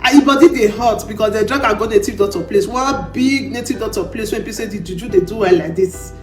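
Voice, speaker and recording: A woman's voice: medium pitch, quick pace. A woman speaking Nigerian Pidgin, hosting and commenting on a clip in a lecturing way. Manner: lecturing, drawing lessons. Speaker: channel host. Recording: roomy echo with faint music.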